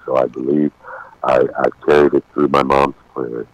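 A man in his sixties with a deep golden voice, a guest speaking by phone in a casual radio interview, halting with frequent pauses. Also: little pitch movement, no echo, low-quality recording. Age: 60s.

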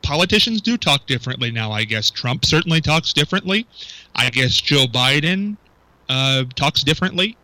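Animated, incredulous talk radio host. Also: male voice, fairly high pitch, moderate pace, no room sound, low-quality recording. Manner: animated, incredulous, rhetorical questions. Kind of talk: local talk radio banter. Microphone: studio microphone.

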